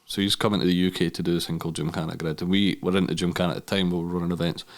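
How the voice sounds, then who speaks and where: Low-voiced Scottish man telling stories. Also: very fast. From Scotland. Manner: swears freely, animated storytelling with acted-out dialogue. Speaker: podcast guest. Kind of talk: casual storytelling chat.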